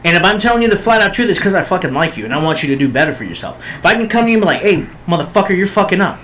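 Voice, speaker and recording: A man's voice: sits high, animated, rapid-fire, pushed and bright, a little hiss or hum, poor audio. A man co-hosting a podcast, talking bluntly in casual chat and swearing a lot for emphasis. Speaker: podcast co-host.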